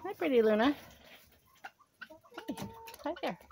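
A woman outdoors in her chicken yard, cooing at and gently scolding her birds as she films them on a handheld camera. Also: high-pitched, expressive, measured pace, vocal fry, background noise. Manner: coos and scolds her birds softly, often murmuring. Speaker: vlogger tending her chickens. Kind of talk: casual talk to animals.

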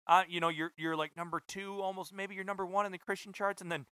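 A man's voice: high-pitched, steady tone, fast, bright, forceful tone, clean tone, no room sound. A man co-hosting a casual podcast, telling rambling, hesitant stories full of asides. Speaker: podcast co-host.

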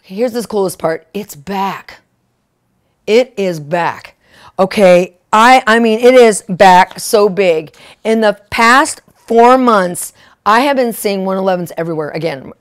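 A woman preacher telling a testimony in an animated, emotional way, peppering her talk with "right?" and "like". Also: mid-range voice, unhurried. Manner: fillers like "right?" and "like". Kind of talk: live-streamed testimony preaching.

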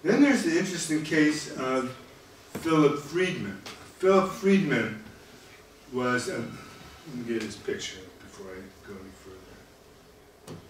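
A man giving a public history lecture, speaking in a measured, halting way with frequent fillers. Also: mid-range voice, animated, slight background noise. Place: lecture hall. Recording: echoey hall, mic at a distance.

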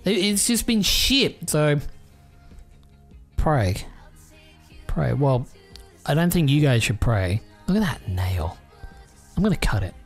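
Australian male unboxer, young, lively up-and-down delivery, swears a lot, faint music underneath. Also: a little high, a little slow. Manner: excitable, swears freely, rambling. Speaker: YouTuber. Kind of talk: casual card-unboxing chat.

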